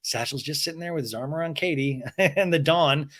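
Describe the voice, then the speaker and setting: A male podcast host giving a comedic, profane recap, animated and mimicking the people he quotes. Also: a little high, brisk.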